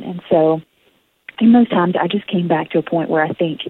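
A low-voiced young woman with a Southern US drawl talks as a guest author in a radio interview. She is earnest and reflective, pausing often with fillers. Her voice comes through a thin, phone-like line. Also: breathy edge.

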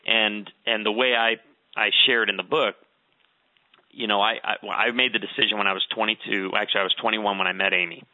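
A man's voice: fairly low pitch, steady tone, a little fast, no room sound. A middle-aged man giving earnest advice, telling stories with emphasis in a conversational talk. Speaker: guest author. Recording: tinny phone-like line.

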